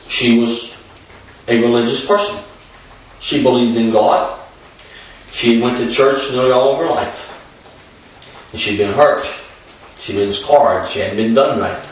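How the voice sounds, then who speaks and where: Folksy preacher telling a story. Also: male voice, medium pitch, a little hiss or hum. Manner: folksy, unhurried storytelling with many fillers. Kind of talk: storytelling sermon. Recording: echoey, far from the mic.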